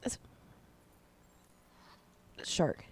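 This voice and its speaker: A man in a casual comedy chat, excitable and rambling. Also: extremely slow, slight background noise.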